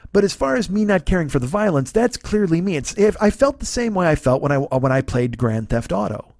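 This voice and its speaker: Recorded in a clean studio with no room sound, a middle-aged podcast host with a slightly high voice delivers a profane, comedic movie rant. He's sarcastic, curses heavily, and performs characters' lines.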